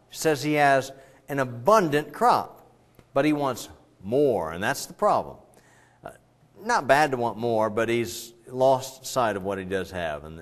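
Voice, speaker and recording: Conversational male pastor preaching. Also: medium pitch. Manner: conversational, questions the congregation, swings between loud and quiet. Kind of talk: sermon.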